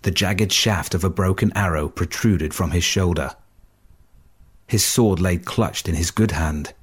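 A man narrates a dark adventure story in a low, husky voice. He reads slowly and steadily, letting each line settle. It is a measured audiobook delivery.

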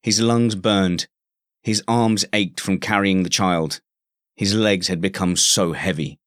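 A man narrating a story in a steady, scripted reading. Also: sits low, takes it slowly, no echo, clean studio sound.

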